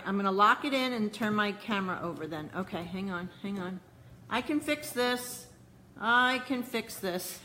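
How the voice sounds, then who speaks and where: A bright, clear-voiced woman live-streaming from her home kitchen, talking to herself and her viewers as she fiddles with her camera. She sounds flustered and mutters through a tablet mic, with faint room sound behind her. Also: mid-range voice, a little hiss or hum. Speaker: cooking show host. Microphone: phone or tablet camera mic.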